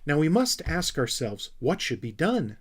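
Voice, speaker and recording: A man's voice: a little high, sing-song, measured pace, pitched above the performer's own voice. A man voicing a fussy, self-important young male Snork creature who talks in a bossy, pompous way.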